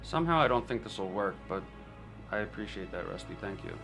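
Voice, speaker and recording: A man's voice: lowish voice, lively intonation, fast talker, a bit bright, soft background music. A man playing his character in a tabletop game. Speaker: player. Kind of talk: in-character tabletop role-play.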